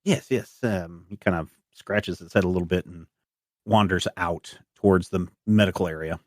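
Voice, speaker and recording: A man narrating as game master of a tabletop game, rambling with many pauses and fillers. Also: sits low, no room sound, clean studio sound. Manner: rambling, many "uh"s and restarts while describing.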